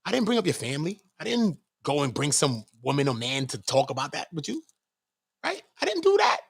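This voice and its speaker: A man's voice: mid-range voice, very animated, a little fast, vocal fry, slightly rough, no room sound. A man hosting his own channel, ranting in a confrontational, profane way and firing off rhetorical questions. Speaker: channel host. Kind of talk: heated livestream rant.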